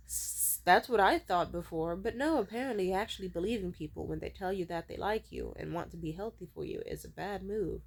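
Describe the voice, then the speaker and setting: A woman's voice: mid-range voice, moderate pace, few pauses. Blunt, foul-mouthed woman ranting. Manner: blunt, profane, heated. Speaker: vlogger. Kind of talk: casual storytime rant.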